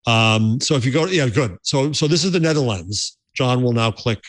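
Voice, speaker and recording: A man's voice: mid-range voice, moderate pace, dry recording. A man co-hosting a tech podcast, chatting casually and telling stories with lots of restarts. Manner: animated storyteller, restarts phrases. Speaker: podcast co-host.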